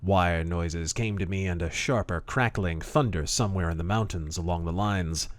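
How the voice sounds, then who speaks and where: Man, very low voice, gruff deadpan hard-boiled narration, dry close sound. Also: moderate pace, dry recording. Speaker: audiobook narrator. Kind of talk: hard-boiled first-person audiobook narration.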